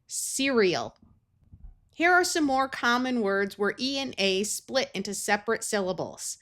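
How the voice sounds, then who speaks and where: A woman's voice: on the high side, expressive, a little slow, fairly bright tone. An American woman teaching a phonics lesson, sounding out words carefully in parts. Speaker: reading tutor.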